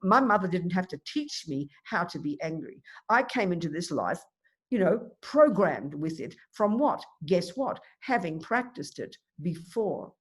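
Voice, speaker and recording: A woman, a Buddhist nun, teaching a dharma talk in an emphatic, animated way with vivid everyday examples. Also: on the low side, a little slow, slightly rough. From Australia.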